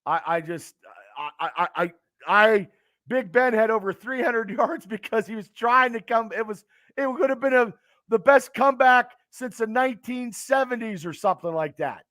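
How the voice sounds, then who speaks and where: A man's voice: very high-pitched, moderate pace, a bit bright, no room sound, clean studio sound. A man hosting a fan stream from home, ranting in frustration about a lost game, stammering and cursing as he reads viewers' comments. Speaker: fan show host. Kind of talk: late-night live stream rant.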